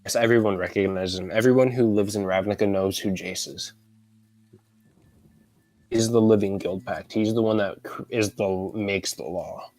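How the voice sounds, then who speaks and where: Low-voiced man running a tabletop game. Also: fairly even intonation, a little mellow, no room sound, soft background music, poor audio. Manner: casual, halting narration. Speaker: dungeon master.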